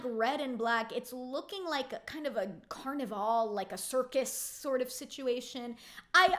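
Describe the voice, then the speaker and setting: A woman's voice: high voice, bright, forceful tone. A young woman giving a casual, opinionated reality TV recap, chatty and gossipy, filling her talk with "like". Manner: chatty, gossipy, heavy use of "like".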